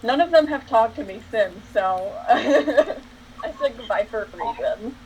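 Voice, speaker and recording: A woman's voice: a little high, lively intonation, measured pace, darkish tone, a little hiss or hum, poor audio. A teenage girl from New Jersey co-hosting a casual podcast, chatty and wry, laughing at her own stories. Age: teen. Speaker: podcast co-host. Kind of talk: casual chat.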